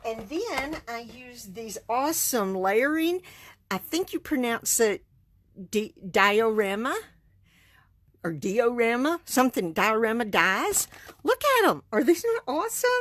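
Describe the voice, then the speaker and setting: A woman's voice: fairly high pitch, sing-song, measured pace. A woman, chatting through a live card-making demonstration, enthusiastic and laughing often. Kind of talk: casual live stream demonstration.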